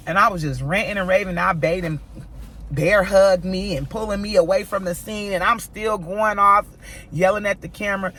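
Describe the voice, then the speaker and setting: Woman, mom vlogger, storytime, animated, cursing, acts out quotes, mid-pitched. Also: normal speed, a little hiss or hum. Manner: animated, profane retelling, voicing quoted people; talks straight to viewers as "y'all". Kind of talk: storytime vlog.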